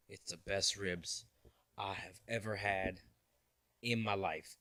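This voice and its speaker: Young man, casual vlog storytelling, jokey and animated, dry close recording. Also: fairly low pitch, moderate pace, vocal fry, long pauses, no room sound. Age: 20s. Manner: animated, joking, laughing at his own asides. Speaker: vlogger.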